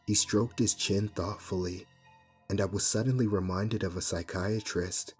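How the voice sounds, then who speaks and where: A man reading a first-person horror story aloud in a measured storytelling manner. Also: fairly low pitch, fairly even intonation, slightly rough. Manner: measured storytelling with voiced dialogue. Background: faint music.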